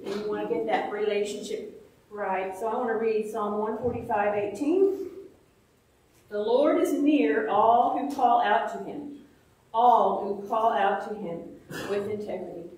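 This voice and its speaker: A woman's voice: medium pitch, unhurried, slight background noise. A woman teaching a children's Bible lesson, asking the kids questions and acting out little prayers in playful voices. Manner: lively, asks questions, acts out little prayers. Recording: echoey room, mic far off.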